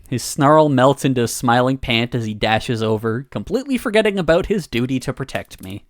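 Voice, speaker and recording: A woman's voice: very deep voice, animated, normal speed, few pauses, no echo. A woman streamer reading a narrative game aloud, giggling and reacting between lines.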